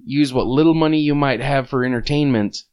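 Male podcast co-host, clear resonant voice, grumbling casual rant. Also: mid-range voice, a little fast, a little mellow. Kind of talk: casual gaming chat.

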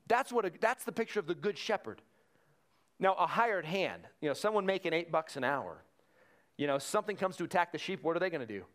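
A man's voice: high-pitched, lively intonation, fast talker. A man preaching a sermon in a conversational way, retelling Bible stories with energy. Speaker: pastor.

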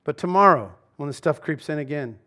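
A male pastor preaching a sermon in a church, talking to the congregation conversationally, swinging between loud emphasis and quiet asides. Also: a little high, lively intonation, fairly quick. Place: church sanctuary.

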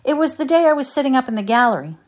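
A sheepish, plain-spoken young country boy in a storybook, talking in folksy grammar, read by a woman. His lines bob up and down in pitch with a lively swing. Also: racing. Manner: shamefaced, folksy.

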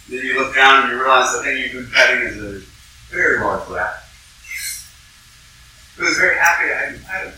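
A man's voice: medium pitch, bright, forceful tone, a little hiss or hum. A man preaching a sermon, painting a vivid scene and citing Bible verses. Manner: vivid storytelling with Bible references. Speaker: pastor. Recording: echoey hall from far off.

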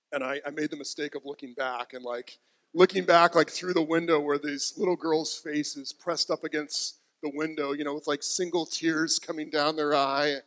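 A man's voice: on the high side, a bit bright, in a large hall. A man in his thirties, a pastor preaching a sermon, telling a heartfelt personal story and acting out quotes. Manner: storytelling, emotional, acts out quotes.

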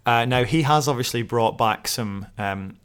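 A man's voice: medium pitch, moderate pace, fairly bright tone, clear, resonant tone. A man co-hosting a podcast, chatting and laughing often as he recaps. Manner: laughs often, hesitant with fillers. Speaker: podcast co-host. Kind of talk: casual chat recapping a show.

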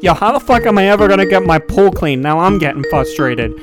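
A man's voice: sits high, animated, fairly quick, music in the background. A man co-hosting a comedy podcast, joking and laughing in casual chat. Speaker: podcast co-host.

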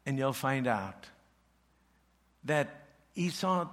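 A male pastor preaching a sermon, retelling a story with animated delivery and humorous asides. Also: medium pitch, extremely slow. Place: church.

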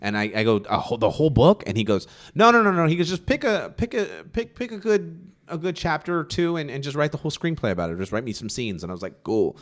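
A man's voice: fairly high pitch, lively intonation, fast. A young man from California chatting casually, rambling and swearing, with lots of fillers and restarts. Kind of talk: casual chat.

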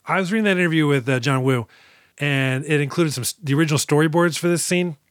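A rambling man with a somewhat high voice, co-hosting a casual movie podcast. He retells scenes loosely and curses freely. The sound is close and dry, with no room around it. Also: no room sound. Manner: rambling, profane, retells scenes with quick put-on quotes. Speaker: podcast co-host. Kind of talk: casual movie recap chat.

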